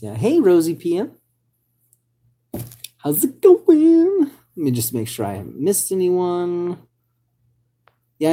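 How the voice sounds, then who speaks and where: Livestreamer, male, husky and mellow, rambling and halting, still getting his voice back. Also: medium pitch. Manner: rambling, hesitant, reads out viewer comments. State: voice recovering from hoarseness. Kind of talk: casual live stream chat.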